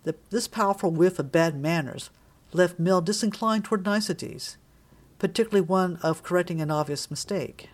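A woman reading a novel aloud in measured, wry scripted narration. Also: on the low side. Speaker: audiobook narrator.

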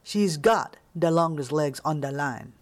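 A towering, dim longshoreman who speaks in blunt, clipped street talk, as a male narrator acts him out. He draws out his words slowly, with a low menace. This is audiobook character voicing. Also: close to an everyday voice. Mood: menacing.

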